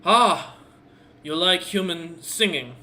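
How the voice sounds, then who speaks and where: A simple-minded orc prison guard, put on by a man who mangles his grammar like a child. The voice rings bright and forceful, and it comes in louder than the narrator's plain talk. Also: a little high, animated, measured pace. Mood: cheerful. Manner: broken, childlike speech.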